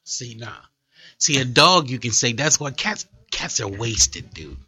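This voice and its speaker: A man's voice: mid-range voice, sing-song, unhurried, pushed and bright, breathy edge, no room sound. A man guesting on a comedy podcast, talking bluntly and rambling through opinions and stories. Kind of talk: casual chat.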